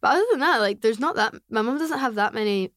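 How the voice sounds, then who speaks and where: A woman's voice: on the high side, animated, fast talker, a bit bright, no room sound, clean studio sound. Chatty young Scottish woman. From Scotland. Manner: chatty storyteller, frequent "like", laughs easily. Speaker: podcast guest. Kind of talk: casual interview chat.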